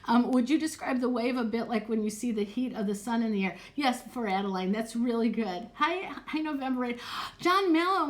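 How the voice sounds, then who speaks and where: A middle-aged woman psychic answering questions in a live stream, chatty and candid, swearing casually and laughing often. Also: fairly high pitch. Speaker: psychic and clarity coach.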